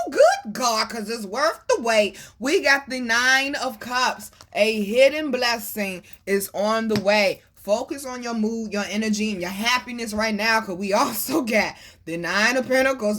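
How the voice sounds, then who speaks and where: A woman giving a casual tarot reading to her viewers, animated and preachy, calling them baby and boo and swearing freely. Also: on the high side. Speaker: tarot reader.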